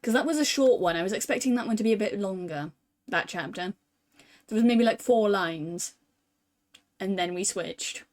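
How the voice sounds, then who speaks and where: A young woman from the UK chatting casually as a streamer while playing a visual novel, thinking out loud in a self-deprecating way. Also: mid-range voice, normal speed. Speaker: VTuber streamer.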